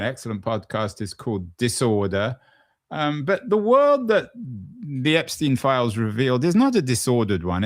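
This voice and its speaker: A man's voice: mid-range voice, no echo, clean studio sound. A male interview host with a wry, incredulous manner. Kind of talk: conversational interview.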